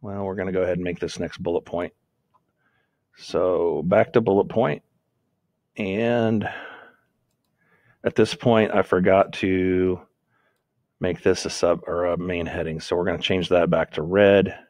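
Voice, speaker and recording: A man with a very low voice walks through an outline as he types it, thinking aloud and fixing his own slips as he goes. The sound is dry and close, as from a desktop mic with no room around it. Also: steady tone, a little slow, pauses often, a little mellow, no room sound. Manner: thinks aloud, self-corrects while typing. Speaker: teacher. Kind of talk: screen-recorded lesson on outlining notes.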